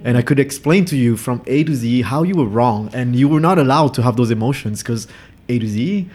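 A man's voice: medium pitch, lively intonation, fairly quick, darkish tone, breathy edge. A man around his thirties in a casual podcast chat, reflective and confessional, often repeating words.

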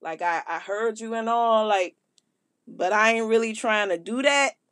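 A woman voicing a laid-back young woman calling in to a radio show, talking in a slow slangy drawl and bargaining her way out of things. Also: a little high, a bit bright, clean tone, no echo, studio quality, pitched below the performer's own voice. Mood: pleading.

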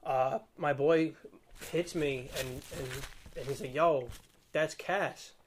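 A man's voice: a little high, slow, slight background noise. A young man telling a rambling, slangy story in casual chat, laughing as he goes. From Staten Island, New York.

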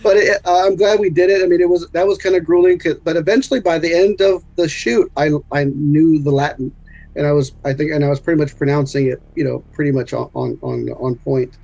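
A man's voice: on the high side, fairly quick, creaky, a little mellow, dry recording, lo-fi sound. A man guest on a podcast, an actor speaking hesitantly and modestly with many fillers. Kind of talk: casual interview chat.

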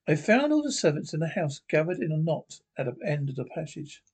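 Husky man reading a ghost story. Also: a little high, big pitch swings, brisk, darkish tone. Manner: dramatic, first-person storytelling. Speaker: reader. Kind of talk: reading a short story aloud.

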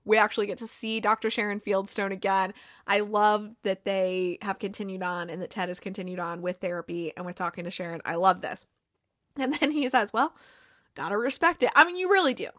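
A young woman casually recapping a TV episode in a chatty, animated way, tossing in swear words and playful quotes. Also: mid-range voice, fairly quick, no echo, clean studio sound. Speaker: podcast host recapping a TV episode. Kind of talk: casual chat.

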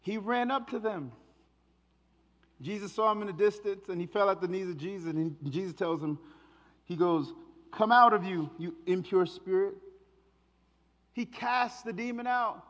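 A man's voice: high voice, moderate pace. A male pastor preaching a sermon in a passionate, casual, colloquial way, in a hall with a long echo.

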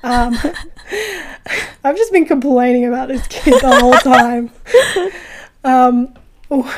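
A woman recapping a horror film in casual chat, animated and profane, swearing often. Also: high-pitched. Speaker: podcast co-host recapping a film.

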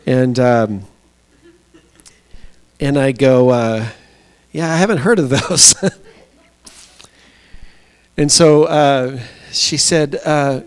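A man giving a sermon at a small church, telling a story conversationally with pauses and fillers. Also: medium pitch, smooth. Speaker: pastor.

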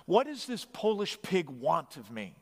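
A man's voice: fairly high pitch, very animated, measured pace, long reverb tail, exaggerated voice. A man voicing a cruel, screaming male prison camp commandant who barks harsh orders. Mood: enraged.

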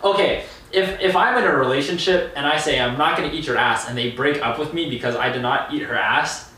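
A man's voice: a little high, brisk, sharp tone. A young man co-hosting a casual podcast chat, hesitant with many fillers and restarts. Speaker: podcast co-host. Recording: echoey room, far from mic.

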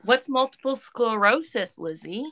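A young woman co-hosting a podcast, chatting casually, asking curious questions and reacting with quick exclamations. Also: fairly high pitch, animated, a bit bright, dry recording. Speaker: podcast co-host. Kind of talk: casual chat.

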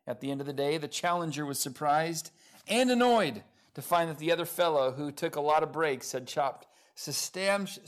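Chatty middle-aged male pastor. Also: mid-range voice. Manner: conversational storytelling with frequent fillers and chuckles. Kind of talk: sermon.

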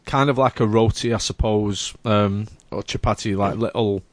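A man's voice: lowish voice, fairly even intonation, moderate pace, dry recording. Rambling man, dry close sound. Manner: rambling, searching for words. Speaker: podcast host. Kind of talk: casual chat.

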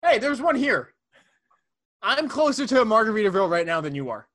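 A man's voice: high-pitched, very animated, brisk, a bit bright. A young man co-hosting a podcast, joking and teasing in casual chat. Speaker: podcast co-host.

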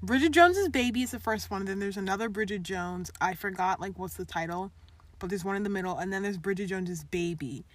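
A young woman in casual podcast chat, talking in an animated, rambling way and breaking into laughter often. Her voice sits at a middle pitch for a woman. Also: brisk. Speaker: podcast co-host.

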